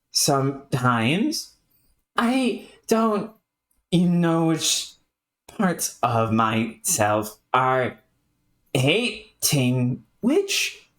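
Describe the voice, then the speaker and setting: A woman voicing a tormented, self-loathing fused creature that speaks haltingly and drags out its words. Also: on the low side, voice pushed up, exaggerated voice. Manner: drawn-out, halting, bitter speech.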